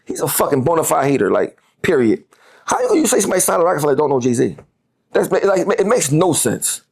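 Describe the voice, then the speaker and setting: A man's voice: a little high, very animated, fast, creaky, darkish tone, breathy edge. A man, a guest on a podcast interview, talking heatedly and profanely and repeating words as he gets worked up.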